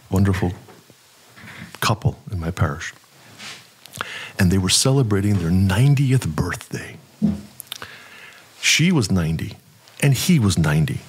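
Older male cleric, deep and gravelly, animated storyteller. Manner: animated, acts out dialogue, repeats words for emphasis. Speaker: archpriest, interview guest. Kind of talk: anecdotal storytelling in an interview.

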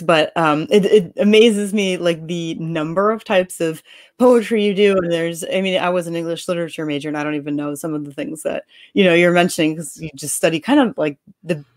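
A woman's voice: on the low side, no room sound, studio quality. A woman hosting an interview, talking casually and with enthusiasm, using fillers.

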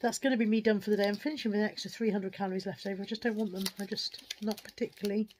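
A woman's voice: medium pitch, fairly even intonation, rapid-fire, background noise. A British woman chatting frankly to her phone camera at home as a vlogger, self-deprecating and casual. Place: at home, kitchen and bedroom.

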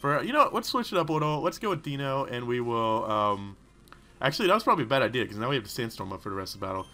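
A man giving rambling, excitable gaming commentary, talking back to the characters on screen. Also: mid-range voice, rapid-fire. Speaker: let's play host.

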